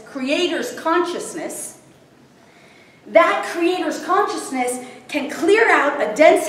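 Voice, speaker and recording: A woman giving a spiritual workshop talk to a live group, often checking that the audience follows. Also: high voice. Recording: very echoey room, distant, faint noise.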